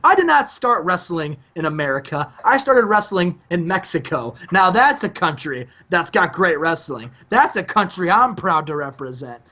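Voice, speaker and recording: A man's voice: high voice, sing-song, normal speed, hardly any pauses, sharp tone, exaggerated voice. A man voicing an arrogant veteran male wrestling champion who sneers and swears, on a lo-fi recording. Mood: scornful. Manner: sneering, dismissive, profane.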